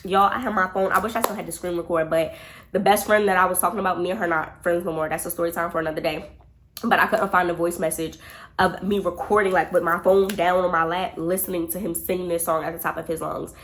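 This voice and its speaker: A young woman vlogger telling a storytime, chatty and animated, talking straight to her viewers. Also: on the low side, quick pace. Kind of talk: storytime vlog.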